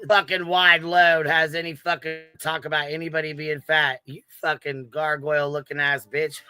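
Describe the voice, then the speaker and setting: A man's voice: a little high, little pitch movement, normal speed, sharp tone, clear, resonant tone, no room sound, faint music behind, poor audio. A man hosting reaction commentary, mocking and swearing at a clip he is reviewing. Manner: mocking, profane, combative. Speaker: commentary host.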